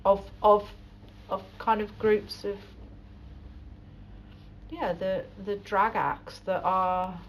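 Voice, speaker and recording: A woman's voice: medium pitch, fairly even intonation, very slow, long pauses, a little hiss or hum, rough recording. A woman interviewing, asking thoughtful, probing questions. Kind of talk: conversational interview.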